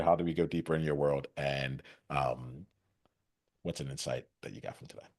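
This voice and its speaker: A man hosting a podcast panel, talking in a reflective, halting way with lots of restarts and fillers, from the United States, on a video call. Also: rumbling low. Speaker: podcast host. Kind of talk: casual podcast panel wrap-up.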